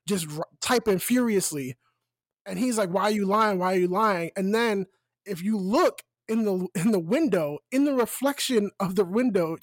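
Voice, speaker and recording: A woman's voice: medium pitch, a little mellow, dry recording, studio quality. A woman co-hosting a podcast in casual chat, laughing often and telling stories with quoted voices. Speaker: podcast co-host.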